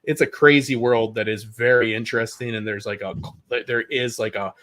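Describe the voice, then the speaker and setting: A man co-hosting a casual livestream chat, talking in a rambling, excitable way and swearing casually. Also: mid-range voice, moderate pace. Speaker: co-host.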